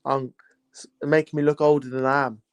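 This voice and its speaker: A man's voice: medium pitch, little pitch movement, a little fast, smooth, no echo. A young man, casually chatting and teasing his viewers while hosting a live football watchalong. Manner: chatty, teasing banter with chat. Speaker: livestream host.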